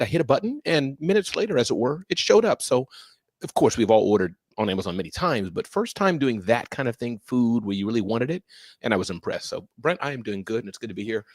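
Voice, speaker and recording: A man's voice: medium pitch, expressive, quick pace, dry recording. An older man on a video call, chatting casually as a panelist and telling a wry everyday story. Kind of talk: casual chat.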